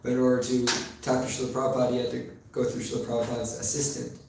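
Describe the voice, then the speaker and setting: A man's voice: mid-range voice, flat delivery, creaky, mellow. A man preaching in a very echoey temple. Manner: storytelling, with pauses and fillers. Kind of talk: sermon. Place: temple hall. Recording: very echoey room, mic far off, faint noise.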